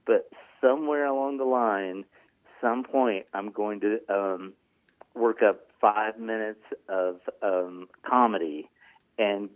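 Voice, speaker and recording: A man's voice: lowish voice, slow, no room sound. A man being interviewed as an executive producer, talking earnestly and rambling with lots of ums. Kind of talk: casual interview talk. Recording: tinny phone-like line.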